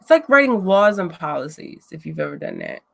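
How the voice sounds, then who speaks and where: Blunt gravelly woman chatting. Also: on the low side, huge pitch swings, fairly quick. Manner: blunt, profane, roasting a chat troll. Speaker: livestream host. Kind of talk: casual livestream chat.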